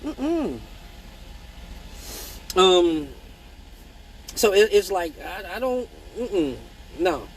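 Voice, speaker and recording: Man, fairly high voice, blunt, profane, chatty live-stream host, faint background hum. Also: very slow, long pauses, low-quality recording. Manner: blunt, profane, animated storytelling; reads viewer comments aloud. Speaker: male exotic dancer hosting a live Q&A. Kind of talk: casual live-stream chat.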